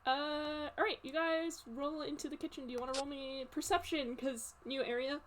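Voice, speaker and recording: High-voiced woman running the game. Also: fairly even intonation, normal speed, slight background noise. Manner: laid-back, filler-heavy. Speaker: game master.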